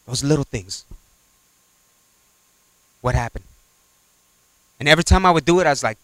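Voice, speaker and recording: A man preaching a sermon, swinging from loud exhortation to quiet asides and acting out little dialogues. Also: a little high, moderate pace, pauses often, no echo. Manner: acts out little dialogues in character voices.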